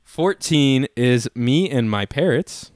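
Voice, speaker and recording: A man's voice: mid-range voice, lively intonation, takes it slowly, no room sound, studio quality. A young man co-hosting a casual podcast, joking crudely and stumbling over foreign titles. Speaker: podcast co-host. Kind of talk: casual chat.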